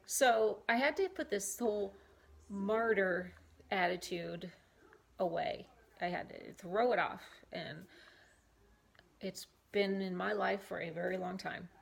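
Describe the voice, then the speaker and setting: Speaking slowly with a husky, creaky mid-range voice and frequent pauses, a woman vlogger reads self-help affirmations to the camera. After repeating them, she breaks away into rambling, chatty tangents, all picked up by the camera mic.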